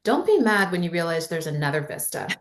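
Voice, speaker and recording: A woman's voice: fairly low pitch, very animated, fairly quick, roomy sound. A woman speaking earnestly and encouragingly in a casual spiritual discussion, with emphatic asides. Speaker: channel, co-host.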